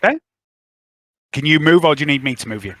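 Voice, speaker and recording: Bright-voiced game master. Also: male voice, on the high side, lively intonation. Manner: jokey, teasing, quick to laugh. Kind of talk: casual tabletop game narration.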